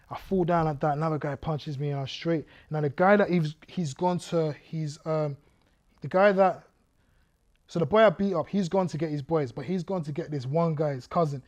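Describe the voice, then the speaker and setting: An animated guest speaker with a slightly high voice, heard on dull audio, tells his testimony to a youth audience. He's a vivid storyteller who reenacts scenes and directs the audience.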